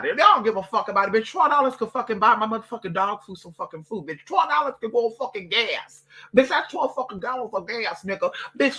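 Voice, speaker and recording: An adult vlogger ranting to camera, loud and profane, swearing constantly and slipping into mocking voices for other people. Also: medium pitch. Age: adult, parent of a toddler.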